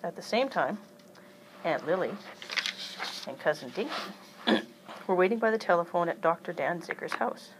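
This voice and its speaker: A woman reading a children's chapter book aloud in an even storytelling manner. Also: on the low side, moderate pace, long pauses, background noise. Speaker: reader.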